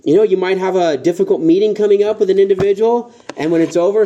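Pastor, male, conversational sermon delivery, mellow tone, slightly high voice. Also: fast, few pauses. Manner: conversational, rising emphatic tones when quoting.

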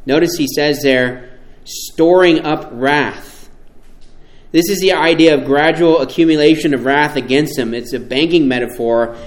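A man preaching a sermon, emphatic and animated, often asking his listeners rhetorical questions. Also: fairly high pitch, fairly quick, reverberant.

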